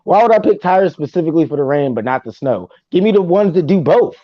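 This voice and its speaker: A man's voice: fairly high pitch, expressive, fast, a crowd in the background. A man co-hosting a casual sports podcast, ranting in exasperation. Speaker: podcast co-host. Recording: dull muffled dry mic.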